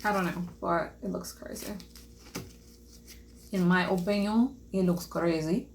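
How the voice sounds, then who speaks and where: A woman's voice: fairly low pitch, steady tone, measured pace, darkish tone, a little hiss or hum. A young woman chatting to viewers while she paints a craft, casual and self-deprecating. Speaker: vlogger. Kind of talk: casual craft vlog chat.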